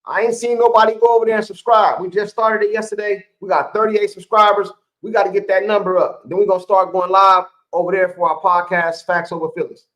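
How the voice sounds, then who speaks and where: A man's voice: sits high, steady tone, fairly quick, few pauses, fairly bright tone, low-quality recording. A man co-hosting a live sports stream, chatting casually in slang with his viewers and laughing often.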